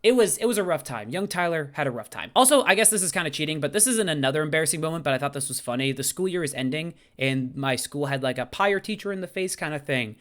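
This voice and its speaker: A young man telling a story casually to camera, self-deprecating and animated, often swearing and acting out the people he quotes. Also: a little high, quick pace, few pauses.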